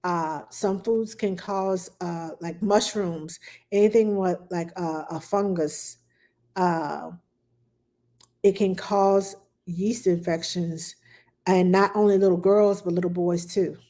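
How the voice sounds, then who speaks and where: A woman's voice: on the low side, fairly even intonation, slow pace, dark tone. A woman hosting a casual advice talk for parents, telling stories chattily with many fillers and asides. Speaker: childcare advice host.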